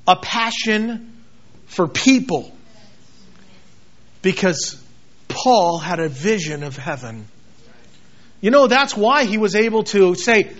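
A high-pitched male pastor delivers a sermon, his voice leaping from shouted emphasis to hushed, low intensity. The recording sounds dull and lo-fi. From United States. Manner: dramatic, shifts between shouting and quiet intensity.

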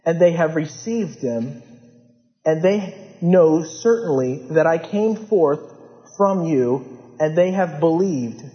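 Impassioned high-voiced preacher in a hall. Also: male voice, expressive, slow. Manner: impassioned, swings from loud urgent peaks to low hushed lines. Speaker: pastor. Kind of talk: sermon. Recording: dull lo-fi sound in a large reverberant hall.

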